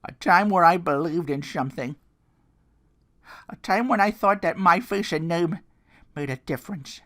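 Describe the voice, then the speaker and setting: A man voicing a grizzled wrestler who delivers a theatrical promo that swings between shouts and hushed lines. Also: fairly high pitch, moderate pace, pitched above the performer's own voice. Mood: brooding. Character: grizzled male wrestler cutting a dramatic promo.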